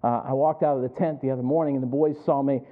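A man's voice: mid-range voice, quick pace. A man preaching a sermon, telling stories and asking the congregation to finish his phrases. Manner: animated storytelling, asks the congregation to fill in words. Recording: tinny phone-like sound.

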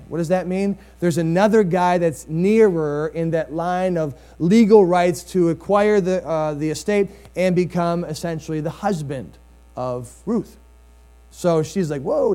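A man's voice: high-pitched, a little mellow. A man preaching a sermon in a conversational way, rising into emphatic bursts and reading scripture with drama.

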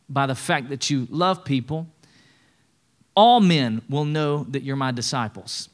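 A middle-aged pastor preaching a sermon to his church in a relaxed, joking way, asking the congregation for responses. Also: fairly high pitch. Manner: conversational preaching with call-and-response and humor. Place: church sanctuary stage.

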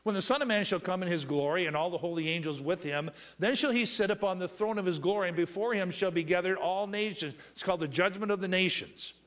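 High-voiced preacher swinging from loud to hushed. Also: male voice, fast, hardly any pauses. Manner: asks the congregation to finish verses with "what?"; swings between loud raised passages and hushed soft asides. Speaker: pastor. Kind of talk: sermon.

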